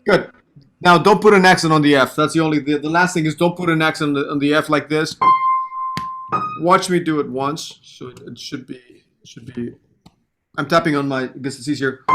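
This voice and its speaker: A man's voice: on the high side, brisk. A man giving a piano lesson, patiently counting beats aloud and singing the rhythms he wants. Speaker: piano teacher. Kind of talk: online music lesson.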